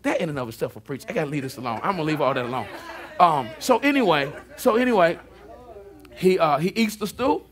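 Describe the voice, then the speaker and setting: A man preaching a sermon, telling the story with lively asides. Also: a little high, fast talker. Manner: animated storytelling with asides and laughs. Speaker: pastor.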